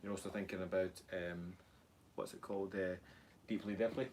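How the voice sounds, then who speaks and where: A man's voice: deep voice, steady tone, normal speed, a little mellow, slight background noise. A man with a Scottish accent co-hosting a casual live stream, joking around and reading viewer comments aloud. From Scotland. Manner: jokey, rambling, reads viewer comments aloud. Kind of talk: casual chat.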